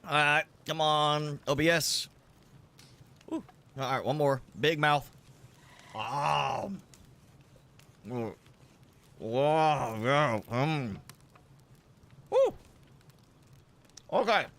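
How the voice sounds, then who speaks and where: Give me a male game streamer talking casually while eating, with a bright, slightly high voice. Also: drawn-out words, gravelly, pauses often. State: coughing, sinuses clearing from spicy food. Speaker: gaming streamer. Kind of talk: casual live-stream chat.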